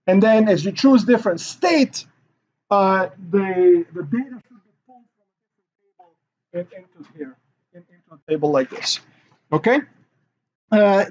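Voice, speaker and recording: A man's voice: high voice, lively intonation, normal speed, darkish tone, lo-fi sound. A male university instructor giving a recorded class lecture in a casual, rambling way with many fillers and restarts.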